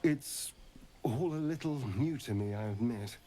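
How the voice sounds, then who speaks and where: An actor playing an arch male elf companion in a video game, with selective, drawn-out enunciation that leans hard on certain words. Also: medium pitch, warm tone, faint music behind, close to an everyday voice. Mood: silky.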